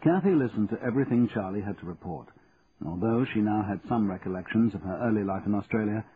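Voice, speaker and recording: Male narrator, measured audiobook reading, tinny narrow audio. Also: on the low side. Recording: tinny narrow band, faint hiss.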